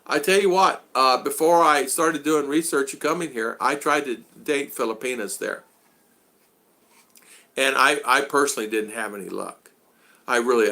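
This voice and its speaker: A man's voice: fairly low pitch, creaky, sharp tone. Rambling man chatting on a live stream. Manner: rambling, with frequent "uh" and restarts; greets chat viewers by name. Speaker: vlogger hosting a live stream. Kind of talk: casual live-stream chat.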